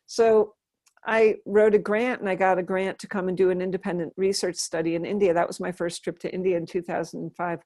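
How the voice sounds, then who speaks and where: A middle-aged woman telling a personal story as an interview guest, animated and acting out the dialogue she quotes. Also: mid-range voice, fast, no room sound, clean studio sound. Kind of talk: casual storytelling in conversation.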